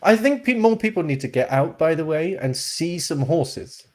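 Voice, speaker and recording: Dude co-host, bouncy high-ish voice, dry teasing jokes. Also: male voice, lively intonation, normal speed, darkish tone. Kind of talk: casual gaming show chat.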